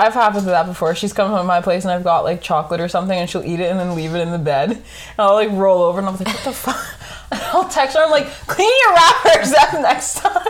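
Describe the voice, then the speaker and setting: A young woman on a casual podcast chat who tells stories with lots of laughter and swearing. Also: lowish voice. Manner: laughs often, animated storytelling, swears freely.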